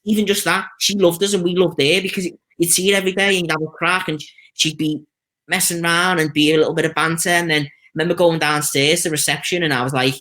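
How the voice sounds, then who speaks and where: A Liverpool man chats freely as an interview guest, rambling through warm stories. His voice sits a little higher than most men's, and he slips into quick impressions of the people he met. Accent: Liverpool (Scouse). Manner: chatty storytelling, lively anecdotes with quoted voices. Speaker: stuntman guest. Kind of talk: casual interview chat.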